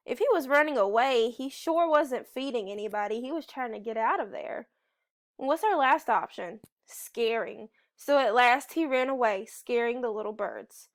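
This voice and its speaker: A woman teacher thinking aloud through a reading lesson, slowly trying out each word choice in a sentence and musing over which one makes sense. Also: a little high. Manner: slow, musing, reads sentences aloud carefully.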